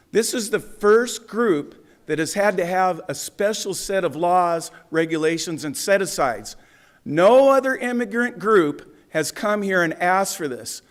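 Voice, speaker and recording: A man giving an angry, combative public comment at a city council meeting, speaking at a podium microphone. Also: a little high.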